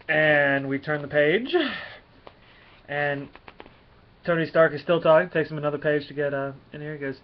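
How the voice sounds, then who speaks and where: A man giving a casual spoken review of a comic, rambling and halting with many fillers. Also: on the high side, level tone, dull audio.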